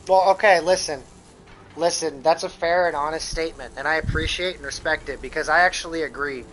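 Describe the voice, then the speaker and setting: Brief: American streamer, profane rambling chat, sharp forward tone, desk mic. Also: male voice, a little high, a little fast, a little hiss or hum, rough recording. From United States. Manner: rambling and profane, with frequent restarts. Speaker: live streamer. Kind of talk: casual gaming stream chat.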